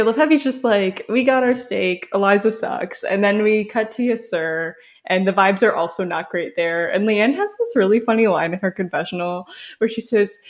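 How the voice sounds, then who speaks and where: Chatty young woman co-host, laughing. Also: mid-range voice. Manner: chatty, filler-heavy, laughs often. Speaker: podcast co-host. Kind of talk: casual chat about a reality show.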